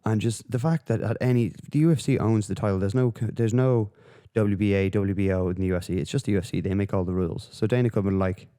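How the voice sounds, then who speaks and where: A man's voice: on the low side, fast talker, few pauses, warm tone, clear, resonant tone. A man hosting a solo podcast, rambling and swearing through casual commentary with lots of fillers. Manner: profane, rambling, with frequent fillers. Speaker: podcast host.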